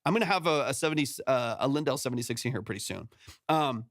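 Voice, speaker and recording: Talking fast in an expressive, mid-range, fairly bright voice, this San Antonio, Texas producer gives loose, rambling mix notes on a home-studio livestream. He catches and corrects himself, frequently adding "right?", and the close, compressed mic sounds dry.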